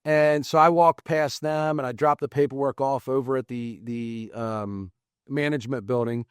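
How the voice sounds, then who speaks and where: A man telling his career story as a podcast guest, lively and acting out the quoted dialogue. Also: mid-range voice, moderate pace, clean tone, no room sound, studio quality. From United States. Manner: animated, acts out quoted dialogue. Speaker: podcast guest, real estate investor. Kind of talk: casual storytelling interview.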